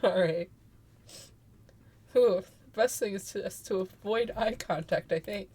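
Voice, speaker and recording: A woman's voice: medium pitch, measured pace, a little mellow, slightly rough. A woman streaming a video game, chatting casually and making dry, teasing remarks. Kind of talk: casual gaming commentary.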